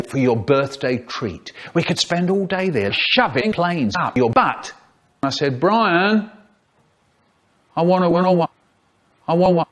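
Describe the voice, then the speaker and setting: A man in his sixties telling stories in a chopped-up comedic remix, with an animated, exaggerated delivery. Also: fairly high pitch. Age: 60s. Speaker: storyteller. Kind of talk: spliced comedic storytelling remix.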